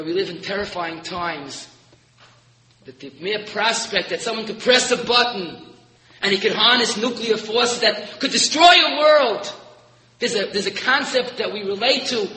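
A man giving a sermon as a rabbi, telling a story with emphatic peaks and sudden hushed drops. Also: high voice, lively intonation, normal speed. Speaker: rabbi giving a Torah talk. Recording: echoey hall, long reverb.

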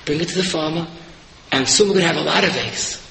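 Man doing a patient widowed mother, lowered and calm, echoey hall. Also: fast, gravelly, slight background noise.

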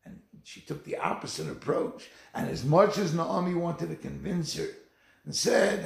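A man's voice: fairly high pitch, unhurried, creaky, echoey room. A man giving a sermon, telling stories and acting out the quotes. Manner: animated storytelling with acted quotes. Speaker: rabbi.

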